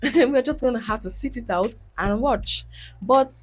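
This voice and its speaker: A woman's voice: measured pace, faint music behind. A woman in her thirties, a content creator, telling her own story with candid emotion, sighs and laughs. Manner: animated, acts out quoted voices with big pitch jumps. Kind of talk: personal storytelling vlog.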